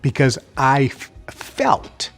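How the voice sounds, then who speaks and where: A man giving a motivational talk, telling his story with lively, animated delivery and acting out his old stutter. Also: mid-range voice, slow pace, vocal fry, faint music behind. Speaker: motivational speaker.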